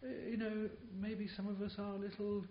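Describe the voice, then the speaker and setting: A man preaching a sermon in a church, impassioned and halting, often repeating words as he builds his points. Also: high-pitched, flat delivery. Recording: dull, hissy, roomy old tape recording.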